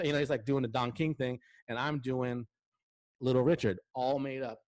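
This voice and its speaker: A male talk show host telling lively anecdotes in casual interview chat, often checking in with "right?". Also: mid-range voice, normal speed.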